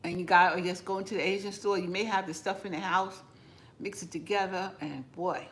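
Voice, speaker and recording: A woman's voice: lowish voice, steady tone, a little fast, fairly bright tone. A woman chatting with live viewers while eating in her home kitchen, rambling casually and talking with her mouth full. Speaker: cooking vlogger.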